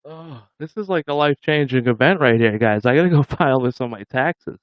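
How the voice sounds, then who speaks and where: A man's voice: medium pitch, brisk, dry recording. Guy chatting on his livestream, dry dull-ish sound, laughs a lot. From Massachusetts. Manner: jokey, laughing often, chatting with viewers. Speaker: livestream host. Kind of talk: casual livestream chat.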